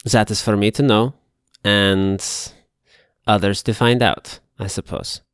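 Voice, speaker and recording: A woman voicing a guarded male scientist and father who speaks in a measured, formal, evasive way. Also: extremely low pitch, fairly even intonation, clean tone, no room sound, studio quality.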